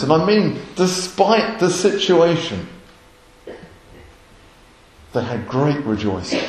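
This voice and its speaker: A man's voice: mid-range voice, a little mellow. A man preaching a sermon with impassioned delivery, rising to emphatic peaks. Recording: echoey room.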